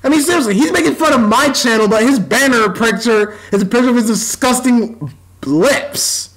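American man youtuber, high voice, scornful insulting rant. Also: expressive, normal speed, a bit bright, poor audio. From United States. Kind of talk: ranting reaction vlog.

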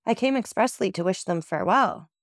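A woman's voice: mid-range voice, animated, brisk, dry recording, lightly acted. A grieving young soldier, read by a woman speaks in a tranquil, mournful way. The recording is dry and close.

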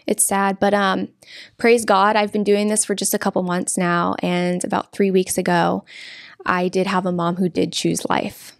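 A woman's voice: medium pitch, little pitch movement, normal speed, gravelly, no room sound, studio quality. A young woman guest from California, speaking earnestly in conversation, often restarting and repeating her words. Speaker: interview guest.

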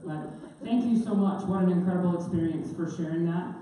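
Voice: medium pitch, brisk, dark tone, a little hiss or hum. Casual, moved speaker in an echoey hall. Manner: moved, informal and self-joking. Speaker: speaker thanking the previous speaker. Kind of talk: casual remarks to an audience. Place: large hall. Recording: echoey hall, distant mic.

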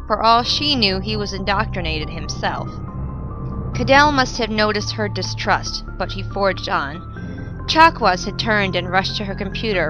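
A woman's voice: mid-range voice, poor audio. Woman narrating her own fanfiction over music. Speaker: fanfiction author reading her own story. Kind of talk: narrated audiobook-style reading. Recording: music playing behind the voice. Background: background music.

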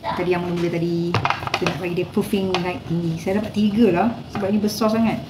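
A woman's voice: lowish voice, little pitch movement, quick pace, very noisy. A woman with a Malaysian accent chatting casually while baking at home, switching between Malay and English with a laugh. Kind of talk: casual chat while cooking. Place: home kitchen. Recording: echoey kitchen with clatter. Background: dishes and cutlery clinking.

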